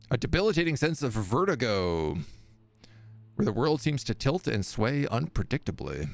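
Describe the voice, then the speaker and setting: A man's voice: lowish voice, sing-song, fairly quick, gravelly. A man streaming a video game, reading the on-screen text aloud and breaking off with jokey asides. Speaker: gaming streamer. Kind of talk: let's-play commentary.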